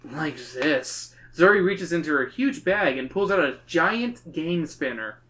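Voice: mid-range voice, expressive, measured pace, fairly bright tone. A host reading a gamebook aloud, adding casual joking asides. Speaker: reader and host. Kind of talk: reading a book aloud with jokes.

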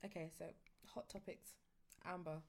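A woman co-hosting a podcast, speaking softly as she raises topics and asks questions. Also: fairly low pitch, steady tone, moderate pace. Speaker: podcast co-host. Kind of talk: casual chat.

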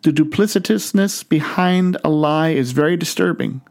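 A male pastor preaching a sermon in a storytelling manner, slowing down and stretching words for emphasis. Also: fairly high pitch, a little mellow.

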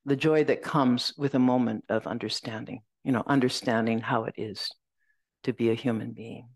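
A woman Zen teacher giving a dharma talk, reflective and gentle, telling a personal story and reciting verses slowly. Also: very deep voice, no room sound.

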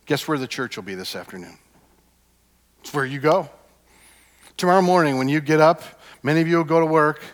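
Pastor guy preaching, kinda high voice, big refrains, quiet then loud, long echo in the sanctuary. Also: brisk, long pauses. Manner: emphatic preaching with repeated refrains, swinging from hushed to loud. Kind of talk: sermon. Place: church sanctuary. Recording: long hall reverb.

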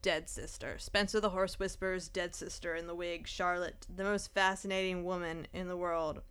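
A woman's voice: on the low side, fairly even intonation, normal speed, fairly bright tone, smooth. A woman co-hosting a casual show recap with wry, sarcastic asides. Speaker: podcast co-host.

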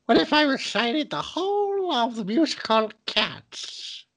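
A woman putting on a high, wheedling impression of a clingy male actor for comic banter. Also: sing-song, a bit bright, heavily acted. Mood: creepy wheedling. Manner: wheedling, squeaky, drawn-out.

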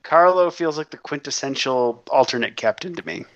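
Male co-host, fairly high voice, dry jokes, dull lo-fi sound. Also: expressive, moderate pace. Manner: dry, joking asides. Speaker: podcast co-host. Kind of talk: casual chat. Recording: dull lo-fi audio.

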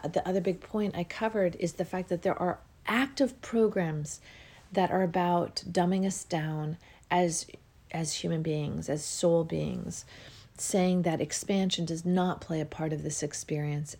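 Breathy, lower-voiced middle-aged woman, solo podcast host, effusive and rambling. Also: a little mellow. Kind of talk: casual solo podcast monologue.

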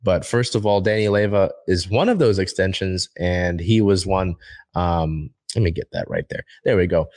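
A man's voice: sits low, normal speed, darkish tone, no room sound. A young man hosting a casual sports talk show, rambling with lots of fillers and restarts.

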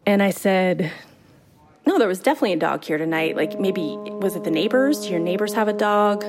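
A woman telling a true spooky story in the first person, in a relaxed, conversational way with casual fillers. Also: medium pitch.

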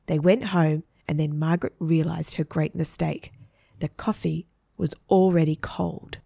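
A woman narrating a children's story in a steady, clear reading voice. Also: low-pitched, unhurried, no room sound, studio quality.

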